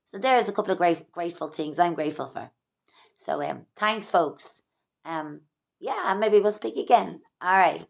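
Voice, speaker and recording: An Irish woman speaks fast in a confessional home vlog, looping back over her words as she goes. Her voice sits a little low for a woman. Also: lively intonation, vocal fry. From Ireland. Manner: rambling, fast, repeats herself. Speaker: vlogger. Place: at home in her own small place.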